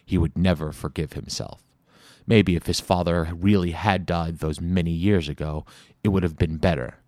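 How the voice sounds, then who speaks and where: A man narrating an audiobook chapter in a steady, measured storytelling way. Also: sits low, no echo, clean studio sound. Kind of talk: scripted narration.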